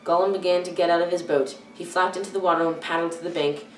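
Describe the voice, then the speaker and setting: A teenage girl reading a children's novel aloud, careful and halting, often stumbling and correcting herself. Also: on the low side, steady tone, soft background music. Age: teens. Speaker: youth reader. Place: church hall. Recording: echoey room, far from the mic.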